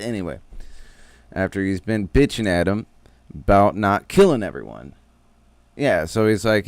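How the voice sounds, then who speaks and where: A man's voice: low-pitched, animated, unhurried, long pauses, no room sound. A man streamer recapping a show casually, rambling in slang with heavy swearing.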